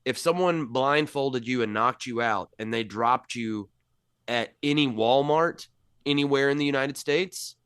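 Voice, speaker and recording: Brief: digressive storyteller in casual podcast chat, mid-pitched, dry close sound. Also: male voice, measured pace, a bit bright, clear, resonant tone, no echo. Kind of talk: casual movie review chat.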